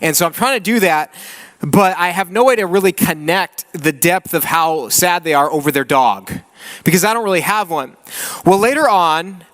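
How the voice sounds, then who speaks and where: A pastor in his thirties with a fairly high voice delivers a sermon as a personal story. He jokes along the way and often restarts his sentences. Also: normal speed, a bit bright. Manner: storytelling with humor, many restarts.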